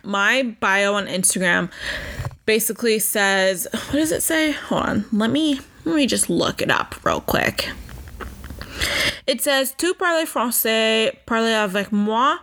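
Animated young woman podcaster. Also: mid-range voice, creaky. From United States. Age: 20s. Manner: chatty and animated, swearing and joking. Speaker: podcast host. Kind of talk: casual solo podcast chat.

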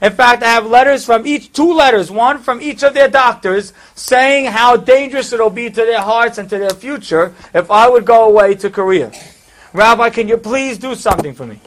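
A man's voice: animated, rapid-fire, hardly any pauses, fairly bright tone, slightly rough, heavily acted. A man doing a nervous, pleading young soldier. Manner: anxious, pleading, high-strung.

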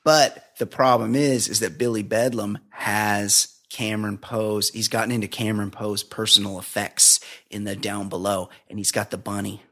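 A podcast co-host, male, casually retells a film's scenes for a movie review chat, rambling and laughing often. His fairly low voice is bright and forceful, with fairly even intonation, a moderate pace, and hardly any pauses.

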